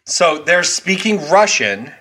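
Bright-voiced man arguing on a podcast. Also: high-pitched, big pitch swings, slow pace. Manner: argumentative, teasing, laughs often. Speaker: podcast co-host. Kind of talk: casual movie podcast banter.

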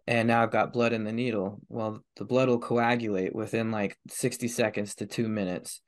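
Guy in his 30s telling his story on a podcast, swears a lot, low voice that stays pretty monotone. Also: moderate pace. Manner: heavy swearing, raw and confessional. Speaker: podcast guest. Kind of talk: candid personal storytelling.

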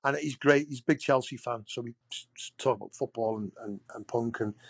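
A man's voice: mid-range voice, brisk, vocal fry, husky, no room sound. A man, a wrestler guest on a podcast, telling long casual anecdotes that ramble and restart often. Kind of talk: casual storytelling.

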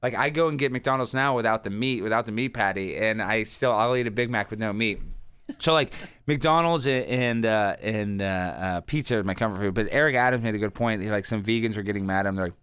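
A man in his thirties, a guest telling rambling, animated stories with lots of fillers. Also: lowish voice, a little fast, clear, resonant tone, dry recording. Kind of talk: casual interview storytelling.

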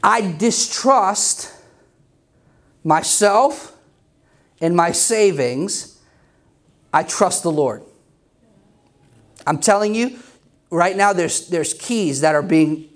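A man's voice: a little high, slow, long pauses. A middle-aged male pastor preaching an emphatic, conversational sermon with self-deprecating humor.

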